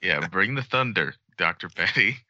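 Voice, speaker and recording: Male co-host, lively up-and-down delivery, blunt and teasing, dry sound. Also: sits low, moderate pace, dry recording, muffled recording. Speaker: podcast co-host. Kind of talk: casual podcast chat.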